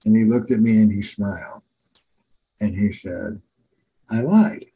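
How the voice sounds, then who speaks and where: Older guy therapist telling stories, kinda husky, low and mellow, earnest. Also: steady tone, normal speed, poor audio. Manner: earnest, emphatic teacher repeating key phrases. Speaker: family therapist. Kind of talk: storytelling in a podcast interview.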